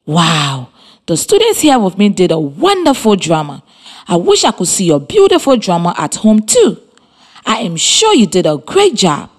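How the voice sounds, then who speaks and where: Speaking with a Liberian English accent, a woman delivers a scripted radio lesson for children, slowly spelling out words letter by letter. Her pitch is fairly low yet swoops wildly.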